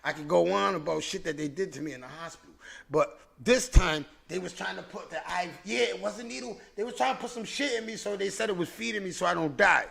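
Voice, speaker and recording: Man, podcast host, high voice, gravelly, animated profane storytelling. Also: quick pace. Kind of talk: casual storytelling.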